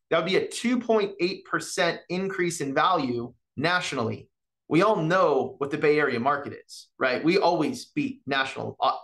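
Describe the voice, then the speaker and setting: A man giving an animated mortgage market presentation to real estate agents, often tagging his points with "right?" and acting out client conversations. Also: a little high. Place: office meeting or online session with chat.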